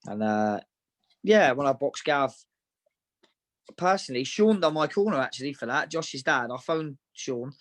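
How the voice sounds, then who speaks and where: A man recounts his fights in a relaxed, frank interview. His voice sits at an ordinary middle pitch. He talks matter-of-factly and in anecdotes. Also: a little slow. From Devon, England. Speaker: professional boxer, interview guest. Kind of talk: casual interview storytelling.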